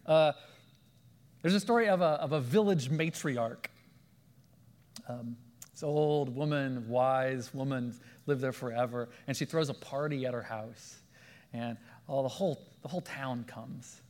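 A man preaching a sermon in a lively storytelling way, acting out the voices of the people in his stories. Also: medium pitch, unhurried. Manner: animated, acts out quoted voices. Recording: long hall reverb.

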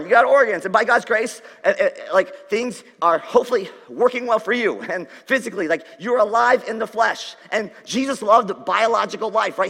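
A man's voice: high voice, gravelly, bright, forceful tone. A male pastor giving a conversational, joking sermon to a congregation in a large church hall. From Dutch, Irish, Scottish and Jewish heritage. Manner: conversational, jokey preaching with audience asides. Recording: church hall with long reverb.

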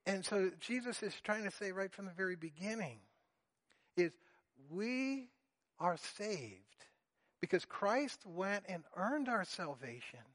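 A man preaching a sermon, earnest and deliberate, explaining a Bible passage to his congregation. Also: high voice, very animated, a bit bright. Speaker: pastor.

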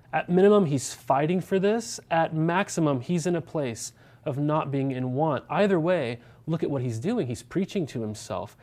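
A man's voice: mid-range voice, mellow. A man, a pastor preaching a sermon in a conversational way, asking many rhetorical questions and checking in with the congregation.

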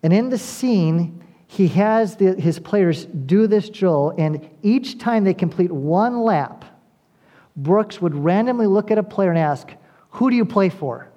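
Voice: mid-range voice, lively intonation, slow, dark tone. A pastor preaching a sermon, earnestly addressing the congregation directly and building to emphatic, repeated appeals.

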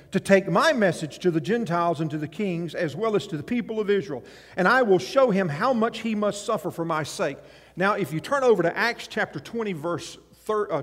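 Lively pastor, male, high voice, dramatizing scripture; church hall echo. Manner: animated, acts out voices in scripture, rises and drops in volume. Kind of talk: sermon.

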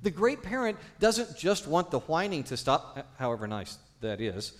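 A man preaching a sermon as pastor, teaching and questioning the congregation, swinging between loud emphasis and hushed tones. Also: fairly high pitch, very animated, moderate pace.

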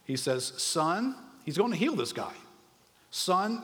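A man preaching a sermon in an animated, conversational way, often asking the audience rhetorical questions. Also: high voice, slow pace, big-room sound. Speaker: pastor.

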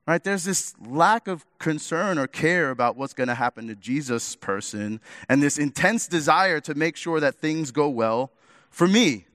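A male pastor delivers a sermon with animated energy, acting out quick exchanges between characters and swinging from soft, low asides to sudden loud, high outbursts. His voice sits a little high for a man. The sound is dry and close, with no room echo. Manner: animated, acts out dialogue with shifts in pitch and loudness.

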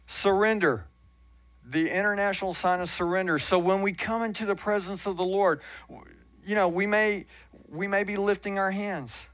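A man's voice: high-pitched, moderate pace, fairly bright tone, no echo. A man preaching a sermon as pastor, talking in an earnest, conversational way with self-deprecating asides. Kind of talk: sermon teaching. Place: church sanctuary.

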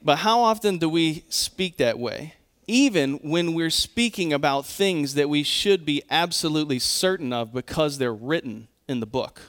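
A man pastor preaching a sermon, earnest and emphatic, often quoting scripture and pausing to correct himself. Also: on the high side, animated, a bit bright.

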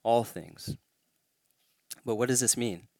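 A man's voice: medium pitch, slow pace, gravelly, a little mellow, no echo, studio quality. A man preaching a sermon as a pastor, pressing hard on his main points and lifting his voice to stress them. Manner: emphatic, rising to stress key claims.

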